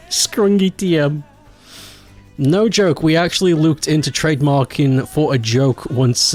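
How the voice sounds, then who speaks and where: A man's voice: mid-range voice, a little mellow. A man chatting casually on a live stream, joking around, laughing often and swearing freely.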